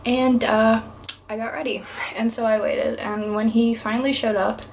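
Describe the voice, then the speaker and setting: A young vlogger from East Tennessee, USA, rambles through a chatty story to camera, saying "like" a lot. Her voice is a little high and darkish, with a flat delivery at normal speed. A little hiss or hum is present.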